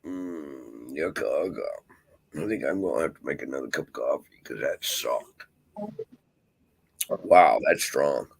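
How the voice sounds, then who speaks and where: Deep gravelly man, swearing vlogger. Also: measured pace, long pauses, no echo, poor audio. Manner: profane, rambling, grumbling. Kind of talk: casual rambling monologue.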